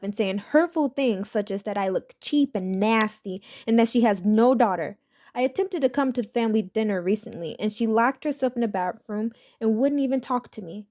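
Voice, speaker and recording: Steady, higher-voiced woman narrator. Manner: steady, matter-of-fact reading. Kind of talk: scripted narration of online stories.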